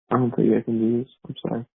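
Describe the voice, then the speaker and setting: A man leaving a halting, heartfelt voicemail message. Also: medium pitch, creaky, husky, dry recording. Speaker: caller leaving an anonymous voicemail. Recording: dry tinny phone voicemail.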